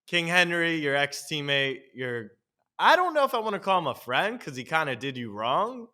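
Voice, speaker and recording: A man hosting a casual chat, teasing his guest with quick questions. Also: on the high side, very animated, sharp tone. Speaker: podcast host.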